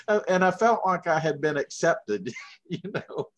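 A middle-aged man from Georgia with a Southern accent, telling long, animated anecdotes full of fillers in a casual interview. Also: fairly high pitch, a little slow, slightly rough. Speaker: guest puppeteer.

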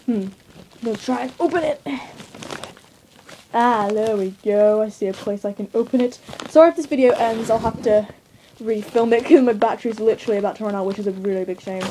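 A teenage girl gushing and squealing with excitement as she opens a package of toys. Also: on the high side, a little fast, slight background noise. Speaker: toy collector vlogger. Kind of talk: excited unboxing vlog.

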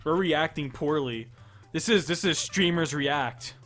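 A man's voice: a little high, unhurried, a bit bright, soft background music. A young man chatting casually on a game stream, laid-back, repeating himself and often mumbling.

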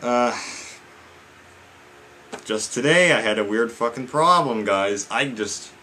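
A man's voice: medium pitch, animated, slow pace, pushed and bright, a little hiss or hum. A man ranting casually to his viewers, exasperated and swearing often, calling them guys and man. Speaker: vlogger.

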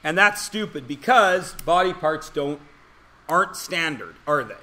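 A man's voice: on the high side, expressive, a little slow, pushed and bright. A male teacher giving a joking, self-deprecating classroom lecture to his students.

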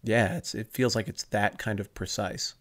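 A man's voice: on the low side, fairly even intonation, normal speed, a bit bright. A man co-hosting a podcast, chatting casually with a dry, teasing humor. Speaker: podcast co-host. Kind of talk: casual chat.

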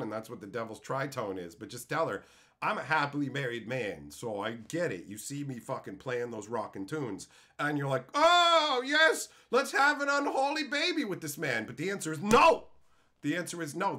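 A man's voice: medium pitch, a bit bright. Ranting, profane male streamer. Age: 30s. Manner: ranting, profane, mock-angry banter with chat. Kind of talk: live stream chat while opening card packs.

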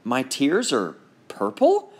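Guy doing a perky little girl voice, playful, lively, storybook. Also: mid-range voice, takes it slowly. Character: young girl, cheerful and bold.

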